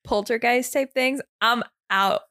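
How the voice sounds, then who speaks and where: A woman's voice: fairly high pitch, pushed and bright, no echo, studio quality. Laid-back woman podcast co-host. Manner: easygoing banter in slang, quick to react. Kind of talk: casual chat.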